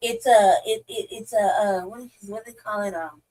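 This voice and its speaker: A woman's voice: medium pitch, steady tone, normal speed, dark tone, rough recording. A woman co-hosting a podcast in casual chat, blunt and swearing, with many restarts and fillers. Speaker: podcast co-host.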